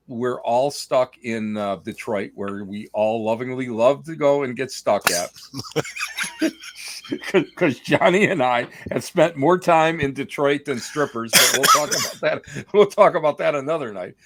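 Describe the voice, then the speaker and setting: A man hosting a casual chat show, animated and teasing, laughing often. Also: mid-range voice, a little slow, no room sound. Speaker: podcast host.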